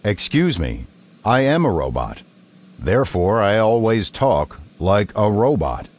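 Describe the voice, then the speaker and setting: An earnest male robot, voiced by a man, talks in careful, complete sentences. His voice is very deep. He sounds sincere and almost human. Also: sing-song, a little slow, darkish tone. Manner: earnest, pleading, carefully worded.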